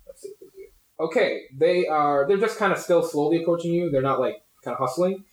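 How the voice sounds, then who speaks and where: Rather high-pitched young man in an echoey room, running a tabletop game in a loose, casual way. He explains the rules with plenty of fillers. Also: a little fast. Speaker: game master.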